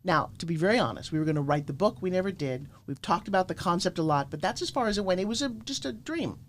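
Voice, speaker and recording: A middle-aged woman from Florida, a guest pitch coach telling motivational stories emphatically and acting out quoted lines. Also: quick pace, a little hiss or hum. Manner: emphatic, animated, acts out quotes. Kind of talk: energetic motivational storytelling.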